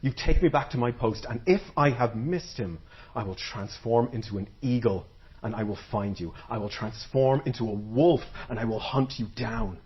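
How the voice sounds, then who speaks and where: A man's voice: medium pitch, normal speed, lo-fi sound, lightly acted. A man voicing a furious woman in white, a wronged spirit who scolds and threatens. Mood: threatening. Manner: commanding, scolding.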